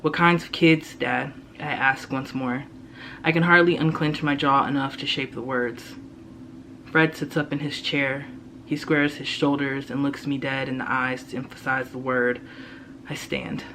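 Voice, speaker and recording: A young man, a student, reading his own first-person fiction aloud in a steady, low-key way. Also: unhurried, a little hiss or hum, poor audio. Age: young adult. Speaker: student reader.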